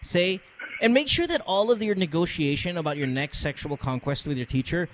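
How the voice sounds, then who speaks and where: A man's voice: on the high side, animated, brisk, fairly bright tone, a little hiss or hum. A man hosting a podcast, giving blunt, profane advice in casual chat. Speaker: podcast host. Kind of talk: casual crude advice talk.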